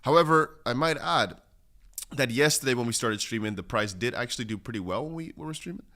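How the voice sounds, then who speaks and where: Bright-voiced man rambling through a crypto stream. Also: mid-range voice, animated, fairly quick. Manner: chatty, rambling, reads viewer comments aloud. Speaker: crypto livestream host. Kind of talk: casual livestream chart commentary. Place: home studio in Dubai.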